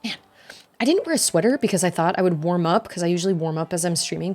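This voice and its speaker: A woman's voice: fairly low pitch, expressive, fast, a little mellow, soft background music. A woman in her thirties chatting casually while streaming a game, telling family stories and acting out quoted voices. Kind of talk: casual gameplay chat.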